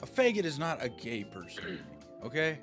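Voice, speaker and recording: A young man co-hosting a casual podcast chat, rambling and stammering, often breaking into laughter and loud mock outbursts. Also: medium pitch, huge pitch swings, moderate pace, faint music behind. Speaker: podcast co-host.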